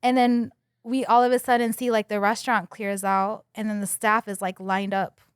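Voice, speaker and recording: A young adult woman, a podcast guest, retelling a story in a casual, animated way with lots of fillers. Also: medium pitch, normal speed, clear, resonant tone, no echo, clean studio sound.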